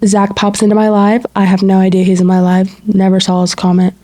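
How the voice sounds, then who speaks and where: A woman's voice: medium pitch, a little fast. A woman co-hosting a podcast, casually telling a story and acting out quoted dialogue, full of "like" fillers. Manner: animated retelling with quoted dialogue and frequent "like". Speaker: podcast co-host.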